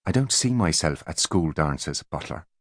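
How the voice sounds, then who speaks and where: A man's voice: very deep voice, lively intonation, moderate pace, no echo, clean studio sound. A man voicing a haughty, precise teenage boy genius who talks in a clipped, superior way. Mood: prim.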